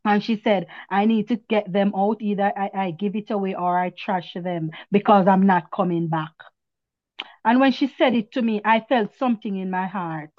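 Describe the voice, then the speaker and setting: A woman's voice: medium pitch, normal speed, no echo. A woman, a teacher, giving a faltering, fervent testimony at an online prayer meeting, repeating her words as she goes. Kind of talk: emotional spoken testimony. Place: home video call. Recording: dull dry video call audio.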